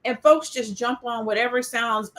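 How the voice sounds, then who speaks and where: A woman hosting a casual discussion show, animated and opinionated, who reads out stats and tells stories about herself. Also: fairly high pitch, moderate pace. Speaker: podcast host.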